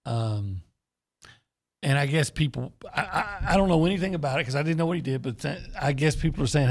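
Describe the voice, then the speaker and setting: A man's voice: fairly high pitch, expressive, brisk. A man who is a sports columnist, talking bluntly and folksily on a sports talk radio show, often restarting his sentences. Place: radio studio.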